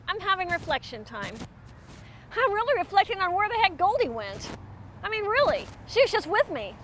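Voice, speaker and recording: A woman's voice: very high-pitched, sharp tone, slight background noise. A woman hosting a comedic cooking show, talking in a theatrical, melodramatic way that swings into rants. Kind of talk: mock-dramatic comedy cooking monologue.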